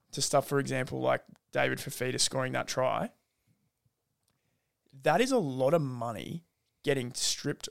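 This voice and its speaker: A man's voice: mid-range voice, creaky, no room sound, clean studio sound. A man, co-hosting a casual sports betting podcast, talking bluntly and swearing as he gets riled up. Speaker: podcast co-host.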